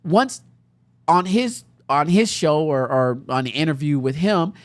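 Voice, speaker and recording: A woman's voice: low-pitched, unhurried, no room sound, clean studio sound. A young adult woman hosting a podcast, telling a personal story in a conversational way with bursts of laughter. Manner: animated, conversational, laughs while telling stories. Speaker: podcast host.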